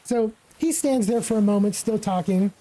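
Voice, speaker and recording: A woman narrating as game master of a tabletop game, relaxed and full of casual fillers. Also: medium pitch, moderate pace, poor audio. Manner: relaxed, with many fillers like "kinda" and "like".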